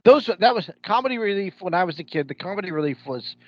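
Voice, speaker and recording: A man's voice: high-pitched, animated, fast, no echo. A man with a Midwestern American accent, co-hosting a podcast in casual, opinionated chat. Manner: blunt, opinionated, uses slang like ain't. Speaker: podcast co-host. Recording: dull lo-fi podcast audio.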